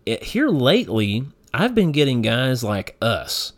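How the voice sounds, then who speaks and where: A man's voice: medium pitch, very animated, unhurried. A man with a Kentucky accent hosting a podcast, telling rambling stories in casual chat and laughing often. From Northern Kentucky. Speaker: podcast host.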